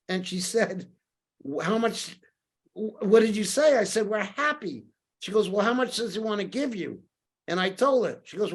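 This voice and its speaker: Older New man telling stories. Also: sits high. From New York. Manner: lively anecdotal storyteller, acts out quoted dialogue. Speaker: podcast guest. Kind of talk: casual storytelling interview.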